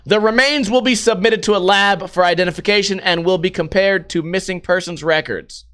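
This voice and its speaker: A man with a high, bright voice hosts a casual news-commentary podcast. He jokes and curses freely as he goes, and breaks into laughter often. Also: smooth. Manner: profane and joking, laughs often. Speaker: podcast host.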